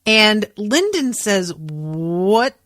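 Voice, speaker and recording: A woman's voice: medium pitch, very animated, very slow, fairly bright tone, no room sound, studio quality. A woman hosting a podcast, recapping book chapters in a chatty way, with lots of "like" and "um" and some casual swearing. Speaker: podcast host.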